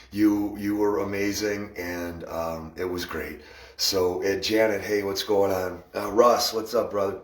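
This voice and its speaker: A man's voice: lowish voice, distant mic. A man hosting a casual livestream, rambling, laughing often and greeting viewers by name. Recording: echoey room, voice a bit off-mic.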